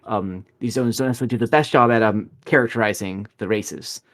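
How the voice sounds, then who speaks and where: A man's voice: on the low side, quick pace, a bit bright. Man with dry jokes, casual podcast. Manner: dry jokes, hesitant fillers. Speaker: podcast co-host. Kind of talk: casual gaming chat.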